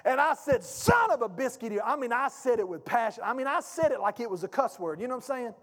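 A man preaching a sermon as pastor, with a call-and-response delivery that swings from hushed to shouting. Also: extremely high pitch, lively intonation, quick pace. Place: church sanctuary. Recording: long hall reverb.

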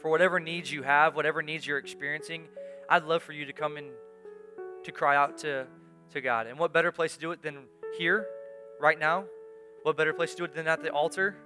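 Male pastor, bright slightly high voice, earnest sermon with repeated phrases, faint music underneath. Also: fairly even intonation, brisk. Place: church sanctuary.

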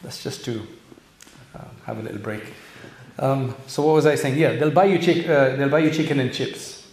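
A mid-range, slightly mellow male voice at moderate speed, heard in an echoey room. He's an Islamic speaker earnestly talking to young people and their parents about religion, leaning heavily on rhetorical questions.

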